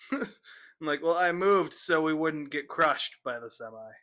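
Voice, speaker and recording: A young man with a bright, forceful voice tells stories on a casual podcast. He is animated and laughs a lot. He acts out what other people said. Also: a little high. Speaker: podcast co-host. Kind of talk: casual storytelling chat.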